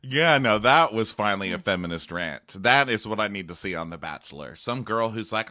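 A man chatting and joking as co-host, his voice bright and lively, jumping up and down in pitch. The sound is close and dry. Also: fairly quick, hardly any pauses, no room sound. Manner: joking, animated storyteller. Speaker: podcast co-host. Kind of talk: casual chat.

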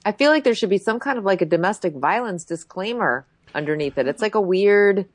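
A woman's voice: mid-range voice, a little fast, no echo. A woman casually chatting as a podcast co-host, recapping a reality show and acting out quotes with lots of fillers. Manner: expressive, acts out quotes, frequent fillers.

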